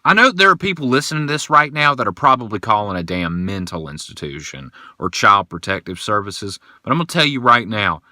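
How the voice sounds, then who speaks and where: A man hosting a casual solo podcast, telling rambling, animated stories. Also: on the low side, brisk, hardly any pauses, no room sound, studio quality. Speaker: podcast host.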